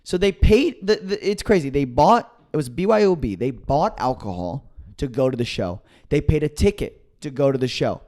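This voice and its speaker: A man's voice: a little high, animated, moderate pace, a little mellow. A young man co-hosts a comedy podcast and tells long, rambling stories from his gigs. He circles back with fillers and restarts. When he quotes people, he acts them out. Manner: rambling storyteller who acts out what others said. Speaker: stand-up comedian and podcast co-host. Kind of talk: casual comedy podcast chat.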